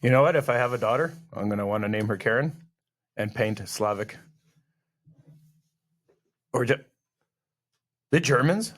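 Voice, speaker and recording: A man's voice: medium pitch, lively intonation. Joking, rambling male podcast co-host. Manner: joking, rambling, quick to interrupt. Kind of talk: casual chat.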